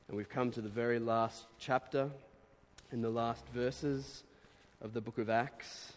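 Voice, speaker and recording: A man preaching a sermon, reading quotes aloud and breaking into animated exclamations. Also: mid-range voice, measured pace. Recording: long reverb of a hall.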